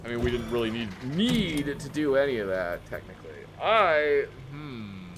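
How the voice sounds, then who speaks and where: A man giving casual live gameplay commentary as a streamer, talking to himself and breaking into excited outbursts. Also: normal speed, background noise. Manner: excitable, talks to himself, sudden squeaky outbursts.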